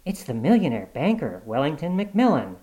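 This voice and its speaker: A man's voice: fairly high pitch, big pitch swings, normal speed, mellow, pitched above the performer's own voice. A man doing a prim young nurse. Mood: brisk.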